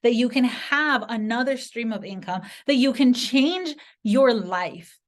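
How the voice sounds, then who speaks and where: A woman giving an earnest motivational sales pitch to camera, speaking directly to the viewer and telling personal stories. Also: expressive, unhurried. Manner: earnest, direct, story-driven persuasion. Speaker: sales presenter.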